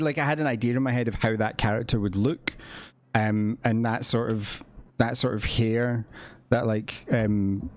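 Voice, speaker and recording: A man playing a posh, excitable news reporter with a radio-presenter voice, calling his partner "my darling" in a role-play game. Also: mid-range voice, close to an everyday voice.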